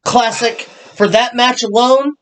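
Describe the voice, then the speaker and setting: A man co-hosting a casual wrestling review, excitable and full of halting restarts. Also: extremely high pitch. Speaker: podcast co-host.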